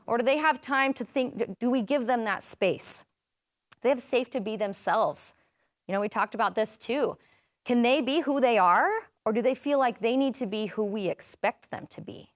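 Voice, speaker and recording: A woman's voice: a little high, normal speed, no room sound, studio quality. A woman presenting an interactive parenting workshop, chatting with the audience, asking questions and rephrasing their answers.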